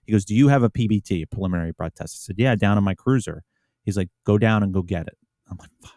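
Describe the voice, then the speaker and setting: Low-voiced man telling a cop story. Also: quick pace, mellow, no room sound, studio quality. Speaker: police officer podcast host. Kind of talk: casual storytelling.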